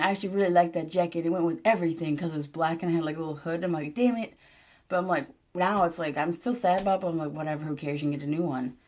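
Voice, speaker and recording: A young woman with a slightly low voice tells a long storytime vlog in a rambling, frustrated way. She swears freely and strings her story together with endless "like"s and acted-out quotes of herself. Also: a little mellow. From Michigan, US. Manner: frustrated, profane, rambling with many "like"s. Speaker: vlogger.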